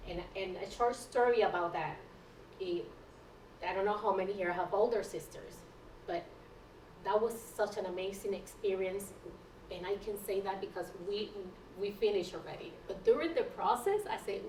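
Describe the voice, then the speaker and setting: Brief: woman, personal storytelling talk, lively with restarts, mid pitch, roomy sound, mic far off. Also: normal speed, a little hiss or hum. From Puerto Rico. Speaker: guest speaker, nurse.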